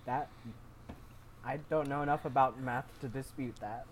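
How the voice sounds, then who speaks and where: A man's voice: medium pitch, fairly even intonation, moderate pace, slight background noise. A man narrating a tabletop game as game master in a casual, filler-heavy way.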